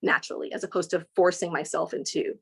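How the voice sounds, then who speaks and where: A woman, an interview guest from California, telling stories with lively voice imitations and quick pitch jumps. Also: creaky, husky. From Inglewood, California. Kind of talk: animated storytelling.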